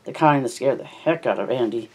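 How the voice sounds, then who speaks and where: This husky, animated, mid-range voice belongs to an amateur reading a first-person novel for an audiobook. The pace is fairly quick, and there are stumbles followed by self-corrections.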